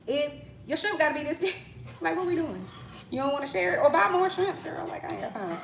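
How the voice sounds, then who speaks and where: A woman in her thirties talks her viewers through a dish on a home cooking stream, breezy and slangy and full of asides. Her pitch swings widely as she goes. The tablet on the counter catches a roomy, echoey kitchen with pans and utensils clattering behind her. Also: very animated, a little fast, slight background noise. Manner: chatty, slangy, full of asides and rhetorical questions. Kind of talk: casual cooking live stream. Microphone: tablet propped on the counter. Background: clatter of pots, utensils and stirring.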